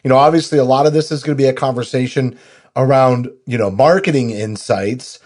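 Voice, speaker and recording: A man's voice: medium pitch, fairly quick, darkish tone. A man co-hosting a podcast, introducing the guest in an upbeat, promotional way. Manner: upbeat, promotional, many "you know" fillers. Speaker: podcast co-host. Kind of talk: podcast interview.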